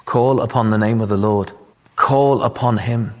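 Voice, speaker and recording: A man's voice: lowish voice, fairly even intonation, normal speed. Fervent male preacher in a hall. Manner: earnest, building to fervent emphatic peaks. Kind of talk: sermon.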